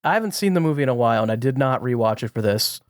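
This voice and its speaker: Male co-host, ribbing and animated; lively pitch, dry close mic. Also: rapid-fire, no room sound. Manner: teasing, animated banter. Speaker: podcast co-host. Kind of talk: casual chat.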